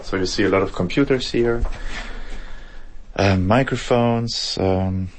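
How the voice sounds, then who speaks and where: A man's voice: on the low side, measured pace, a little hiss or hum. A male sleep scientist casually explaining a lab on a tour, with fillers.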